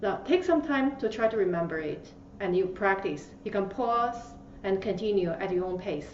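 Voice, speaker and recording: Woman language teacher, slow and patient, dull roomy recording with faint hiss. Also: medium pitch, lively intonation, recorded from a distance. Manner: patient, demonstrates tones with exaggerated syllables. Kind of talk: slow instructional lesson.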